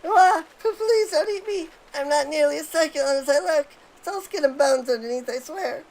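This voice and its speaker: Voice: sits high, normal speed, a little mellow, voice pushed up, low-quality recording. A game player voicing a small, timid male engineer who pleads and frets nervously while reading game dialogue aloud. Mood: pleading.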